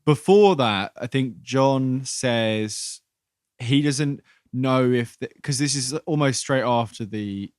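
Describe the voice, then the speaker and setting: Guy rambling about a movie on a podcast, normal pitch, dry close mic. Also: slow pace, no room sound. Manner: chatty, hesitant, trails off. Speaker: podcast co-host. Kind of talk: casual film discussion.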